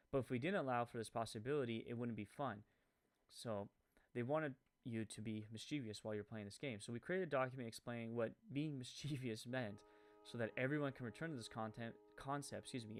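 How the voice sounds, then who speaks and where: A man's voice: mid-range voice, no room sound. A man with a French-Canadian accent giving rambling live-stream commentary, full of fillers, who corrects his own stumbles.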